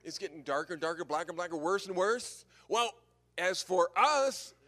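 An older male preacher delivering an anecdotal sermon with a notably high voice. His pitch swings widely as he tells stories, and he chuckles at his own jokes. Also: expressive, normal speed, bright, forceful tone. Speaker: visiting preacher.

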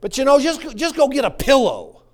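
A male pastor preaching a sermon, swinging from quiet musing to fervent shouting. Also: extremely high pitch, huge pitch swings, normal speed.

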